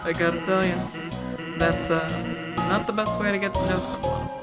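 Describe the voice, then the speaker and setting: A woman voicing a lazy, joking skeleton man in a low, laid-back drawl. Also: fairly even intonation, normal speed, close to an everyday voice. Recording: loud game music behind.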